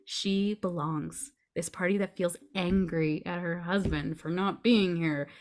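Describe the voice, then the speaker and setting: Brief: low-pitched woman, grief coach, calm step-by-step explainer on a podcast. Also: a little slow. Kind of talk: podcast conversation.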